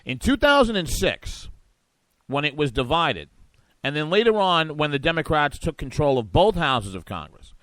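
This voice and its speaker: A man's voice: fairly high pitch, very animated, normal speed, fairly bright tone, no room sound. A man hosting a talk show, giving combative, sarcastic political commentary. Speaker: radio talk show host.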